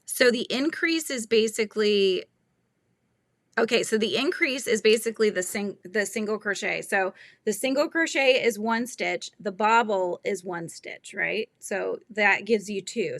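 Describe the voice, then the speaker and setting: A woman's voice: medium pitch, a little slow, vocal fry, fairly bright tone, dry recording. A woman hosting a live crochet chat, thinking aloud and talking through pattern steps with viewers. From California. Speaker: crochet livestream host.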